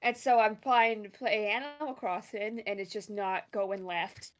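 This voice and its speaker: A woman's voice: mid-range voice, steady tone, measured pace. A woman in casual gaming chat on a call, playful and chatty, laughing often. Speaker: co-player on call.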